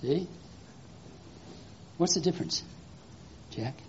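An animated children's preacher who exclaims and keeps asking the kids questions. The voice sits at a middle pitch, and the recording is dull and lo-fi with faint hiss underneath. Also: slow pace. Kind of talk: children's sermon with object lesson.

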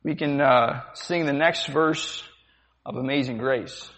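A man's voice: mid-range voice, takes it slowly, a bit bright. A man preaching a sermon, asking rhetorical questions and repeating them for effect. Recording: dull sound, long hall reverb.

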